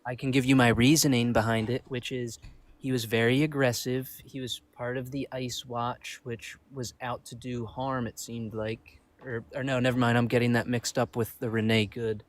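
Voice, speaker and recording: A man's voice: medium pitch, little pitch movement, normal speed. A man taking part as a guest in a livestream debate, speaking hesitantly and rambling.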